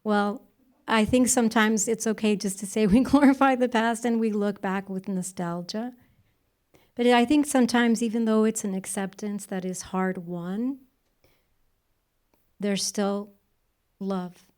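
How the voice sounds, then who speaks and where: A woman moderating a panel discussion, relaxed and a little hesitant, with fillers. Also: medium pitch, a little slow, pauses often.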